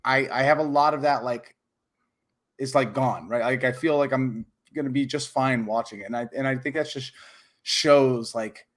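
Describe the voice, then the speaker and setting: Speaking at moderate speed in a mid-range voice, this man co-hosts a podcast with casual, excitable talk. He rambles, fills gaps with fillers, and frequently restarts.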